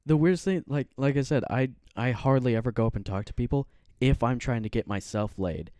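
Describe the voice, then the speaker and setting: A man's voice: mid-range voice, brisk, dark tone, dry recording, clean studio sound. Man telling a rowdy bar story. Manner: profane, laughing storyteller. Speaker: podcast host. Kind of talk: casual chat.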